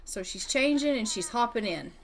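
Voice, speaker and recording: A woman's voice: a little high, animated, moderate pace, a little hiss or hum. A young adult woman giving casual gameplay commentary, chatty and swearing freely while voicing her character. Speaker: gaming YouTuber narrating her Sims play.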